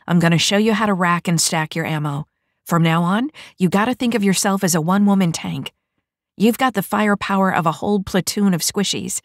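A woman's voice: fairly low pitch, dry recording, clean studio sound, natural voice. Woman doing a brash cocky mech squad leader. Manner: brash, swaggering, crude banter.

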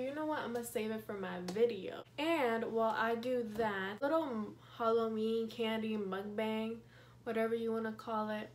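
Slow-talking woman vlogger. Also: fairly high pitch, a little hiss or hum, rough recording. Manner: relaxed and chatty, with many fillers. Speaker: YouTuber. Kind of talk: casual vlog chat. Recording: music playing behind the voice.

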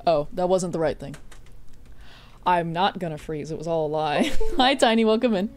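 A fairly low, slightly mellow female voice speaks at a moderate pace, with a little hiss or hum audible. Streaming a game, she chats casually, greets viewers by name and teases them with plenty of laughs.

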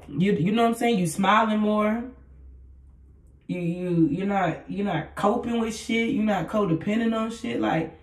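A woman's voice: fairly high pitch, moderate pace, darkish tone. A woman hosting a podcast, talking bluntly in a casual motivational monologue, repeating her points and swearing freely. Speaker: podcast host. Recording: echoey room, voice far from mic.

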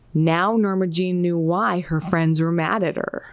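A woman reading a children's picture book aloud with an expressive, lilting storybook delivery. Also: fairly low pitch, unhurried, no echo.

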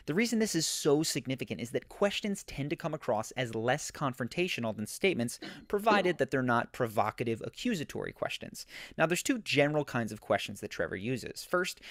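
A man giving a scripted, measured explanation as an online lecturer. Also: mid-range voice, a bit bright, no echo, studio quality. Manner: measured, instructive.

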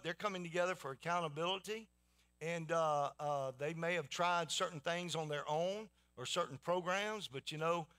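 A pastor preaches to his congregation, telling a homely story with loose, repeated starts. His voice sits a little high and rings bright and forceful. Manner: folksy storytelling with many restarts. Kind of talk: sermon.

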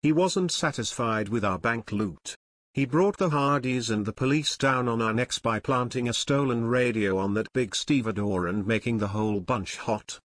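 A harsh, sneering gang leader from an audiobook, snapping orders at his captives, as a male narrator puts him on. He sits in a middle pitch, sounding dry and close with no room around him. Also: moderate pace, fairly bright tone, no room sound, natural voice. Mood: angry.

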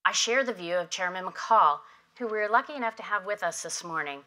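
A woman delivering prepared opening remarks at a conference, measured and emphatic, at a podium microphone. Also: on the low side, sharp tone. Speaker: industry association head giving opening remarks. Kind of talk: prepared keynote speech. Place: conference hall.

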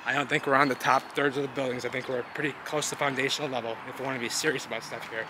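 A man vlogging outdoors, narrating as he digs through ruins, rambling and excitable and repeating himself. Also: mid-range voice, racing. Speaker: vlogger exploring urban ruins. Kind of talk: casual outdoor vlog narration. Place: outdoors in a wooded city lot. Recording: noisy outdoor camera audio.

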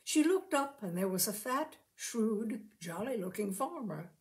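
A woman reading a short story aloud in a dramatic, lively storybook manner. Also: medium pitch, unhurried.

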